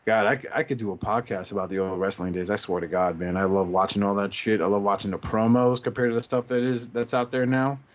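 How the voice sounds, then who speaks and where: A man's voice: fairly low pitch, little pitch movement, quick pace, few pauses, highs cut off. A man co-hosting a casual podcast, telling rambling stories with lots of restarts. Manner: rambling storyteller, many restarts. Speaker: podcast co-host. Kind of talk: casual chat.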